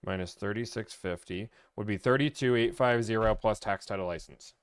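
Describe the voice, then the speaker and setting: A man's voice: lowish voice, normal speed, clear, resonant tone, dry recording. A man hosting a live stream where he negotiates car deals, joking and upbeat as he talks.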